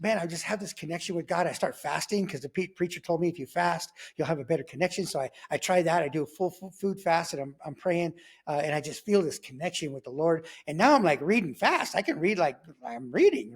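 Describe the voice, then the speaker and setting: A middle-aged man recounts his personal testimony. His voice sits fairly high for a man. He talks in an animated, rambling way, stumbling over restarts and acting out the voices he quotes. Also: brisk, husky. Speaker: testimony guest.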